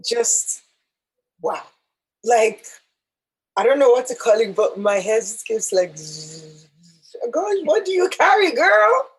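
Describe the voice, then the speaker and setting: A woman's voice: fairly high pitch, very animated, takes it slowly, long pauses, husky, poor audio. A woman podcast host chatting casually with a guest, reacting in an effusive, emotional way. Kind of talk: casual interview chat.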